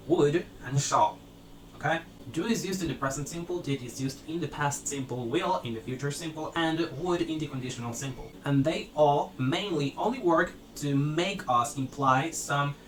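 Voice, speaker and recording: A man explains a grammar lesson, breaking sentences into parts and repeating each pattern step by step. His voice sits a little high for a man. The sound is roomy and echoey, with a faint hum behind it. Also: sharp tone. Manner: methodical, repeats structures step by step. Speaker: language teacher.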